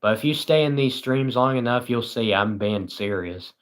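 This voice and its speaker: A man's voice: mid-range voice, lively intonation, moderate pace. A tired British man hosting a livestream, chatting casually and reading viewers' comments with dry, self-mocking sarcasm. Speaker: livestream host.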